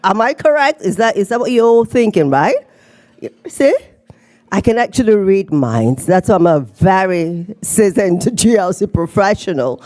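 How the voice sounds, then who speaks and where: A woman's voice: medium pitch, lively intonation, normal speed, dark tone. A middle-aged woman from Nigeria with a Nigerian and slightly British accent, giving a playful conference keynote talk. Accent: Nigerian with some British. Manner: playful, teasing the audience. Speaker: keynote speaker. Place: conference hall.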